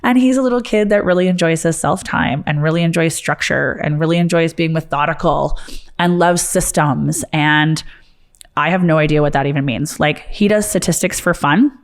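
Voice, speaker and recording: A woman with a notably low, deep-set voice talks openly to the camera. She is earnest and reflective, speaking like a working mom and athlete sharing what she has learned. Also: normal speed. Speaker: martial arts studio owner and athlete. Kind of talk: personal talk to camera.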